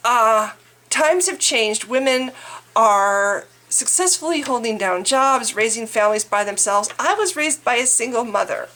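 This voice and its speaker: A woman's voice: a little high, animated, unhurried, bright, forceful tone. A woman vlogger delivering an angry, exasperated political rant, swearing and stumbling over restarts.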